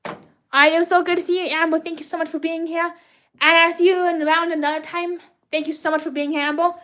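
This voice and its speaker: Bubbly high-voiced woman livestreaming art. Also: little pitch movement, quick pace, bright, forceful tone. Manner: bubbly, rambling, cheers and greets viewers; self-corrects and restarts often. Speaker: livestream host drawing fan art requests. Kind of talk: excitable livestream chat while drawing.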